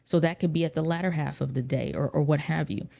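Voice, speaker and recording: Guy doing a solo podcast, kinda higher voice with some gravel, earnest chatty way of talking. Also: quick pace, mellow. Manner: earnest, conversational, repeats phrases for emphasis. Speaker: podcast host. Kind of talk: casual solo podcast talk.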